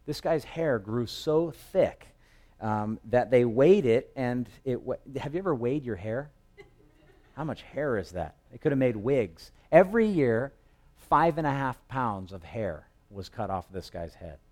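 A man preaching a sermon, telling the story with humor and swelling loud and high at emotional peaks. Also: unhurried. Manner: lively storytelling with humor and dramatic quotes. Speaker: pastor.

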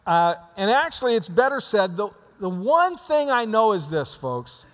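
A man's voice: sits high, sing-song, normal speed, fairly bright tone, big-room sound. A man preaching a conversational sermon as the pastor, often restarting his sentences. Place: church sanctuary.

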